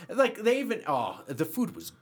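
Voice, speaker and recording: A middle-aged man on a podcast telling a funny story in casual chat, his voice jumping high when he quotes himself. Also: moderate pace, husky. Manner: animated, voice jumps high when quoting himself. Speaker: podcast co-host.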